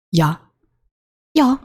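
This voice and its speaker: A woman's voice: on the high side, darkish tone, breathy edge, dry recording. A young woman in college hosting a casual solo podcast, rambling with lots of fillers and swearing, recorded close on her own mic in a dorm room. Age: young adult. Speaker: podcast host.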